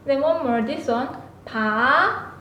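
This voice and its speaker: A woman with a Korean accent, a native Korean speaker teaching a beginner language lesson and repeating syllables with sharp emphasis. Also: high-pitched, takes it slowly, reverberant, slight background noise.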